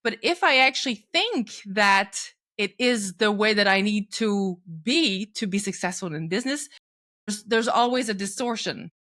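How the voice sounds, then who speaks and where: A woman podcast host who talks thoughtfully and rambles a little, often pausing to search for words. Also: medium pitch, expressive, a bit bright. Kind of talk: casual podcast chat.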